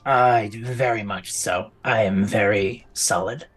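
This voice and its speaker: A man's voice: on the low side, fairly even intonation, a little slow, over music, voice pushed down, close to an everyday voice. A man doing an earnest new construct.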